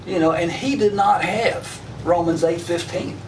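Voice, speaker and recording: Higher-pitched man leading a Bible study, casual and folksy, in an echoey room with the mic far off. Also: steady tone, a little slow, slight background noise. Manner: folksy, retells scripture in slang.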